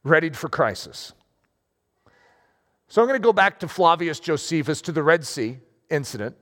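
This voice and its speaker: A man preaching a sermon, talking in a lively, conversational way with self-deprecating asides. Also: fairly high pitch, normal speed, long reverb tail. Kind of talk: sermon with story reading.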